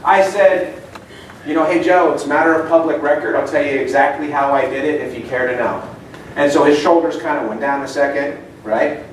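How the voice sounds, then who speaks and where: A man's voice: on the high side, steady tone, fairly quick. A man giving a casual seminar talk, telling anecdotes and asking his audience questions. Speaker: seminar speaker. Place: meeting room. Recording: echoey room, distant mic, faint noise.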